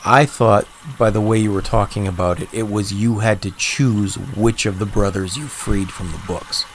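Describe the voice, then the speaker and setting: A man's voice: lowish voice, steady tone, normal speed, a little hiss or hum. A man livestreaming a game, thinking aloud in easygoing, chatty talk and answering chat, with a cough. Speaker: game streamer.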